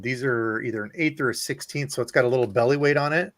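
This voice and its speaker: A man's voice: medium pitch, quick pace, fairly bright tone. Host, male, mid-range voice, joking and explaining gear, casual. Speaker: host of a live fishing stream. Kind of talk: casual chat.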